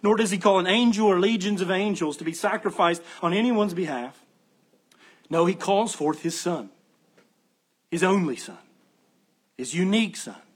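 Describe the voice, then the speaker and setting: A man's voice: sits high, moderate pace, pauses often, slightly rough. A man preaching an expository sermon as pastor, earnest and emphatic, repeating key phrases as he explains the text like a teacher. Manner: teacherly, explains Greek word order.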